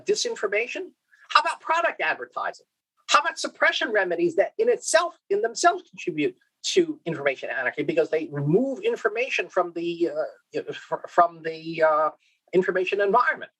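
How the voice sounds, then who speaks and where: A man's voice: sits high, slightly rough, poor audio. A man giving a conference keynote lecture, asking the audience rhetorical questions and checking in with "okay?". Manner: lively, questioning, frequent "okay?" and restarts. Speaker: keynote speaker.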